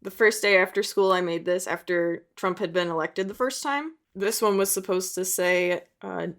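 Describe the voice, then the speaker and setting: A woman's voice: lowish voice, moderate pace, vocal fry, hardly any pauses, fairly bright tone. A young woman narrating a casual sketchbook tour, chatty and self-mocking, laughing at her old drawings. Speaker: art vlogger.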